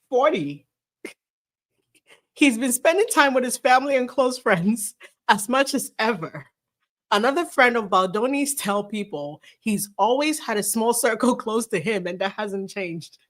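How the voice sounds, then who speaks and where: A woman's voice: mid-range voice, fairly bright tone. A woman hosting a casual livestream, reading a news article aloud and mocking it with sarcastic, incredulous remarks and frequent laughter. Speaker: livestream host. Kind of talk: casual commentary on celebrity news. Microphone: live stream camera setup.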